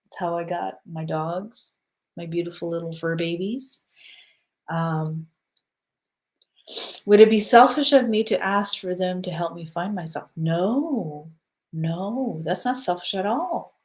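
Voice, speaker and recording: Low-voiced woman guiding a breathing ritual. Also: takes it slowly, long pauses, a little mellow. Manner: soothing, repeats "okay?" to check in. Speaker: spiritual live-stream host. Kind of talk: casual guided spiritual talk.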